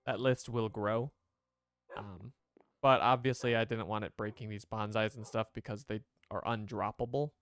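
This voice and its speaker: A man's voice: fairly low pitch, steady tone, moderate pace, a bit bright, clear, resonant tone, dry recording, studio quality. A man streaming a game, chatting casually to his viewers and rambling as he plays. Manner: rambling, chatty, talks to chat.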